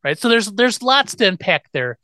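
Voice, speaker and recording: A man's voice: high voice, very animated, normal speed, pushed and bright, dry recording, studio quality. A man co-hosting a casual sports podcast, talking in a wry, exasperated way that often trails off. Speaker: podcast co-host.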